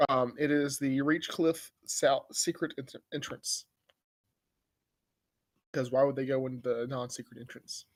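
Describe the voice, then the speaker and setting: A man's voice: medium pitch, level tone, unhurried, pauses often. A man acting as game master, running a tabletop game with friends in a playful, teasing way.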